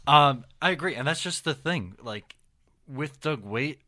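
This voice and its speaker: A man's voice: on the high side, lively intonation, unhurried, bright, forceful tone, no echo. A young man hosting a casual sports podcast, laid-back and joking as he tells a story. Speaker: podcast host. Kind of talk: casual hockey podcast chat.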